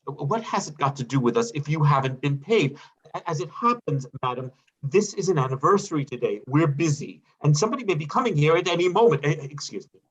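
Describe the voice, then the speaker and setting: A man's voice: fairly high pitch, animated, fairly quick, slightly rough, muffled recording. A man voicing a flustered, pompous bank chairman in a stage play reading, stammering over his words.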